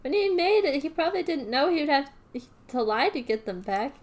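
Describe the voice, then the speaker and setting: A woman's voice: high voice, very animated, brisk. A woman reading as a shy, anxious teen boy. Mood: calm. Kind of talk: reading fan fiction aloud.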